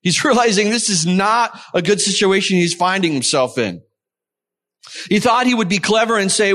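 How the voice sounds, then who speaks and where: Guy preaching, slightly high voice, reads verses then explains em. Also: expressive, normal speed, fairly bright tone. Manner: explanatory, reads scripture aloud. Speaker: pastor. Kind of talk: sermon.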